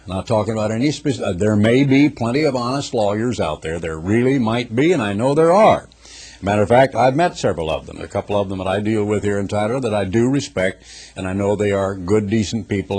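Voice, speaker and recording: Husky-voiced folksy male preacher. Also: lowish voice. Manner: folksy, acts out quoted people in lively voices; reads scripture in a raised, ringing tone. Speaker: pastor. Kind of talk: conversational sermon.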